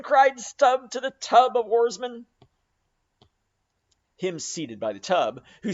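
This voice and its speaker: A man reading a classic novel aloud as a dramatic audiobook narration with expressive, varied delivery. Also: on the high side, muffled recording. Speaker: audiobook reader.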